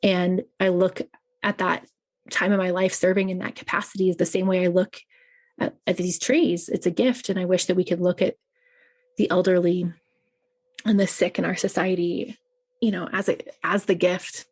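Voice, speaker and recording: A woman's voice: lowish voice, flat delivery, normal speed. A woman who works as a chaplain, a podcast guest, speaking earnestly and telling personal stories with frequent fillers. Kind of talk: personal conversation.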